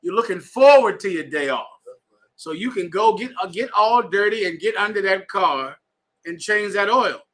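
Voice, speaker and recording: High-pitched forceful preaching man. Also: animated, normal speed. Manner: preachy, addresses the audience with repeated "right?". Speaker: teacher. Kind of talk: scripture class lecture.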